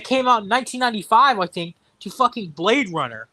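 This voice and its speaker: A man chatting casually about books and films, animated and jokey, swearing now and then. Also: high voice, fairly quick, hardly any pauses, no room sound. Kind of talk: casual chat.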